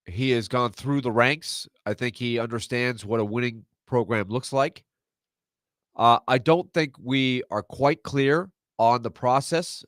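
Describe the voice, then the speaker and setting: A man co-hosting sports talk radio with a stuffy, nasal voice, talking in a halting way with many fillers. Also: mid-range voice, a bit bright, dry recording, clean studio sound. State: congested. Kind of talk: radio talk show discussion.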